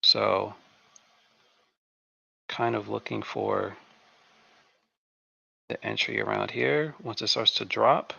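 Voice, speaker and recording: A man's voice: fairly low pitch, takes it slowly, gravelly, pauses often, sharp tone, slightly rough, no room sound. A man hosting a live trading stream, giving laid-back market commentary and repeating phrases to himself on a dull, lo-fi recording.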